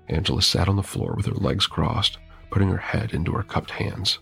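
A man's voice: low voice, moderate pace, creaky, fairly bright tone, breathy edge, faint music behind. A man narrating a first-person horror story with wry, dramatic delivery.

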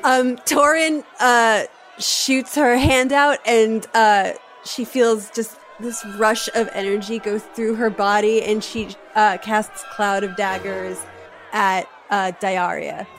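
A woman's voice: mid-range voice, steady tone, takes it slowly, fairly bright tone, soft background music. A woman playing a tabletop game, describing her moves hesitantly with many fillers. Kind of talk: casual game play.

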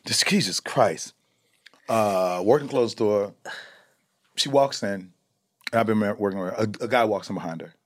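A man from Chicago, a comedian guest, telling casual stories in a profane, animated way and acting out the people in them. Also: fairly low pitch, moderate pace, long pauses. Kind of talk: casual storytelling chat.

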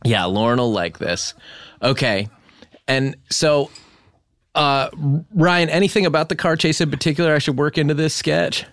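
A man hosting a comedy podcast, deadpan while riffing an improv bit. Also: a little high, normal speed, dry recording. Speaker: podcast host.

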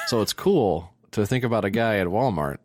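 A man co-hosting a comedy podcast, telling crude stories in a rambling, deadpan way. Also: lowish voice, measured pace, breathy edge, no room sound, clean studio sound. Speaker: podcast co-host. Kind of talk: casual comedy chat.

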